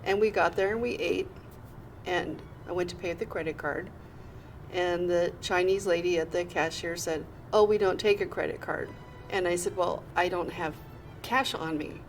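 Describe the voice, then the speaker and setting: A mother on a game show, telling a personal story in a measured, rueful way. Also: on the low side, steady tone, faint music behind.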